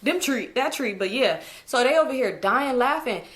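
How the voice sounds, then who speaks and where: A woman's voice: fairly high pitch, animated, normal speed, fairly bright tone, slight background noise. A woman telling a personal story in a casual, slangy way, often laughing as she goes.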